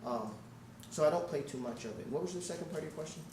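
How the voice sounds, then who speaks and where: A man's voice: on the high side, fast talker. A man, a guest musician, telling stories at a live audience Q&A in a music shop, scatting melodies and acting out what people said. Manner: animated storyteller who scats melodies and acts out quotes. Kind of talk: storytelling at a live Q&A. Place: indoor music shop event space. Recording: roomy, distant, noisy live room.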